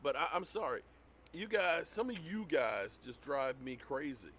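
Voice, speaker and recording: A man's voice: a little high, measured pace, fairly bright tone, a little hiss or hum. A middle-aged man hosting a sports livestream, ranting heatedly and repeating himself as he gets worked up. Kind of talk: heated rant.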